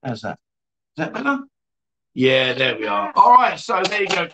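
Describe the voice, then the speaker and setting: A man's voice: a little high, wildly swooping pitch, moderate pace, pushed and bright, a little hiss or hum. A man hosting a casual livestream, reading out viewer comments and teasing his guests. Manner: joking, teasing, chatty. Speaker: livestream host. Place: bar or venue indoors.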